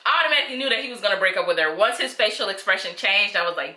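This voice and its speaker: A woman's voice: mid-range voice, expressive, racing, few pauses, sharp tone, echoey room. A woman giving casual, opinionated reaction commentary to viewers, chatty and slangy, calling her audience "girl". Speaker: reaction vlogger.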